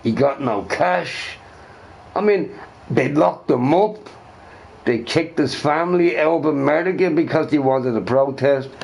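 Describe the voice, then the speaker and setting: Slow-talking, drunk Dublin man ranting. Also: on the high side, vocal fry, darkish tone, rough recording. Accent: Dublin Irish. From Ireland. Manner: heated, profane, repeats himself. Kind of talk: ranting monologue.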